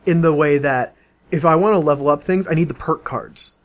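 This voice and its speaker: A man's voice: a little high, brisk. A man co-hosting a casual gaming podcast, chiming in with details and corrections. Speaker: podcast co-host.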